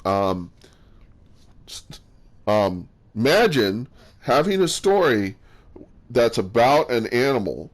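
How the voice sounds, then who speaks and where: A man talking in a rambling casual monologue, halting often with fillers and restarts as he works through his thoughts. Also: mid-range voice, big pitch swings. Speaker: solo talker sharing his views.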